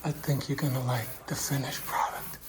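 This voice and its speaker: A middle-aged man installing wallpaper, chatting casually and dropping into hushed asides as he works. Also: mid-range voice, fairly even intonation, normal speed, very noisy. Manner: chatty, drifts into hushed asides while working. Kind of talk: casual how-to chat while working. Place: room being wallpapered.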